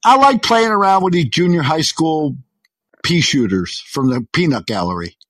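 Husky-voiced rambling New caller. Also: male voice, a little high, lively intonation, moderate pace, no room sound. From New York. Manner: rambling, stops himself mid-sentence, swears. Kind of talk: heated call-in argument.

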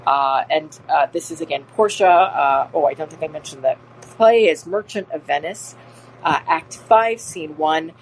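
A woman's voice: low voice, a little slow, breathy edge. A woman giving a casual spoken lesson, talking in an earnest, rambling way with many ums and restarts. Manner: earnest, easily moved. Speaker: presenter explaining literature.

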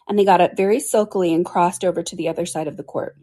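A woman reading a classic storybook aloud as a podcast storyteller, now and then clearing her throat. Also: lowish voice, steady tone, fast talker, dark tone.

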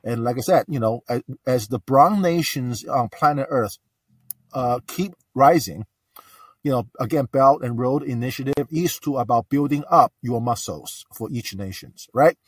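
A man phoning in to a talk show who speaks earnestly, stopping often with uh and restarting. His voice is mid-pitched and sounds set back from the mic, yet dry. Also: breathy edge, no room sound, recorded from a distance. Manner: halting, many uh fillers, earnest. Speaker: caller. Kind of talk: casual call-in talk.

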